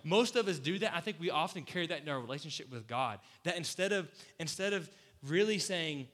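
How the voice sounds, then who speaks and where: A man preaching a casual, conversational sermon as pastor, animated, acting out quoted voices and laughing often. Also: a little high, fairly quick. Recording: long hall reverb.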